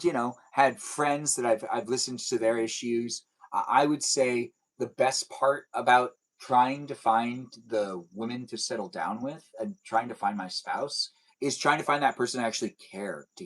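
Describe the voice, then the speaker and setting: In a casual livestream, a young man hosts and chats with viewers, reading their comments and joking in a rambling, self-deprecating way. His voice is medium in pitch with a fairly bright tone, though the audio quality is poor.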